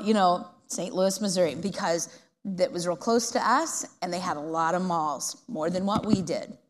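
A middle-aged woman preacher telling a long, lively story in a church and asking the congregation questions. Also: sits high, in a large hall. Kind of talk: storytelling sermon.

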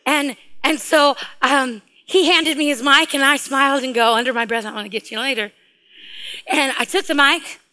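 A middle-aged woman, preaching a sermon and telling a personal story in an animated way, laughing often and swinging from hushed to loud. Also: sits high, moderate pace, hardly any pauses. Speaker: guest preacher.

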